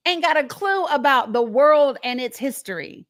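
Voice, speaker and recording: A woman's voice: high-pitched, animated, normal speed, hardly any pauses, fairly bright tone. Blunt Southern woman hosting a live show. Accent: Southern American. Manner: blunt, profane, laughs often, addresses viewers as y'all. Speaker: talk show host. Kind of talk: live-stream commentary.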